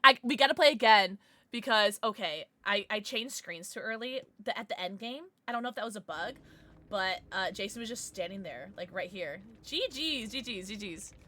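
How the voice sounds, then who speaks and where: A woman's voice: mid-range voice, normal speed, slight background noise. A young woman livestreaming a game, chatting casually with her viewers and shrieking when she gets startled. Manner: excitable, shrieks at sudden scares, then chatty and apologetic. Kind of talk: live gameplay commentary chatting with viewers.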